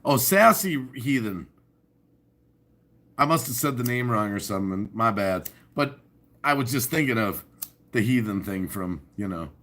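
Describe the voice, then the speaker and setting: A man's voice: mid-range voice, animated, a little slow, long pauses, a bit bright. A man in his fifties live-streaming from his home garage on a phone, chatting casually, laughing often and answering his viewers' chat. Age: 50s.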